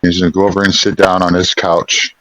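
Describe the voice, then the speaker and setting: A man's voice: low voice, level tone, a little fast, a bit bright, no room sound, rough recording. A man playing in a tabletop game, describing his character's actions in a rambling way. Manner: rambling, full of likes. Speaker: player. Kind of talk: casual tabletop play.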